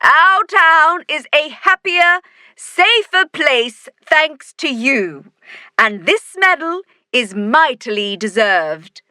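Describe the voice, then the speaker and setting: A proud female wolf mayor, put on by a woman reading a storybook, makes a grand public announcement. Her voice rides high and strong with a ceremonial ring. She speaks slowly and deliberately for effect. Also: big pitch swings, sharp tone, no echo, studio quality, exaggerated voice.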